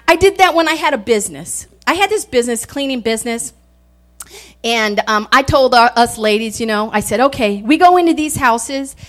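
A woman's voice: high voice, a bit bright. A woman preaching a folksy sermon, telling stories and laughing often as she talks. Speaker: guest speaker.

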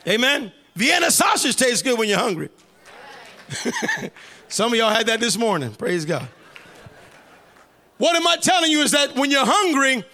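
A man preaching a sermon as pastor, fervent and building into shouted cries. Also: very high-pitched.

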